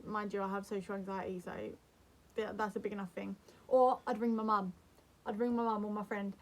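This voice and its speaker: A young woman vlogger giving calm, earnest advice to camera in a gentle, soothing way. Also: mid-range voice, brisk. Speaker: mental health vlogger.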